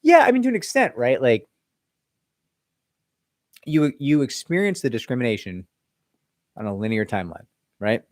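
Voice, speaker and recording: Guy lawyer doing a live q&a, really animated voice, chatty and loose, dry close sound. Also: mid-range voice, moderate pace, pauses often, dry recording. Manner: conversational, loose, with frequent "like" and "right?"; reads viewer comments aloud, then answers them. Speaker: employment attorney hosting a live Q&A. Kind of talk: casual livestream question-and-answer.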